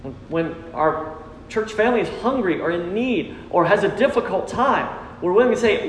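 A man's voice: sits high, lively intonation, moderate pace, a little hiss or hum. A man preaching a sermon as pastor to his congregation, earnest and repetitive, calling on listeners to respond. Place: church sanctuary. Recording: roomy hall reverb.

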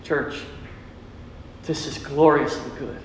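A man's voice: sits high, a little slow, a little hiss or hum. A man preaching a sermon as pastor, emphatic, asking his congregation questions and calling back their answers. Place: church sanctuary. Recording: echoey church hall.

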